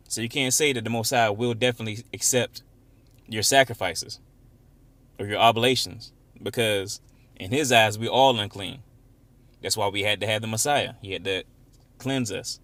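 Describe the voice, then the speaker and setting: Man teaching scripture, slow emphatic readings. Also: lowish voice, fairly bright tone, dry recording. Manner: reads scripture slowly and emphatically, then explains in casual talk. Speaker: Bible teacher. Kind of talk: informal Bible study teaching.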